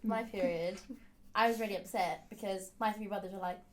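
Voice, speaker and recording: A young woman who grew up in Ireland, chatting casually and telling an animated story about her family. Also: medium pitch, a little fast. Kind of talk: casual chat.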